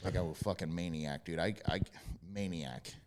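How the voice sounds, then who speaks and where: A young man with a very low, deep voice tells his stories in brash, profane casual chat. Now and then he breaks into loud yelled impressions. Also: normal speed. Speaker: podcast guest, former quarterback.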